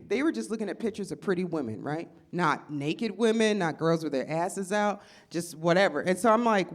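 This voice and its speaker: A woman doing a stand-up comedy set, loud and animated, acting out quotes in shifting voices. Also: lowish voice, normal speed, hardly any pauses. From Chicago area.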